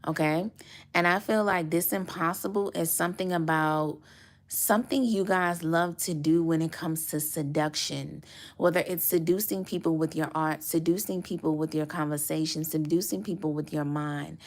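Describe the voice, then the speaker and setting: A woman with a low voice that has a gravelly edge chats her way through a tarot reading for her viewers. She is loose and conversational, trailing into fillers and small laughs. Her tone stays relaxed and familiar throughout. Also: normal speed. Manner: chatty, lots of fillers and little laughs. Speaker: tarot reader.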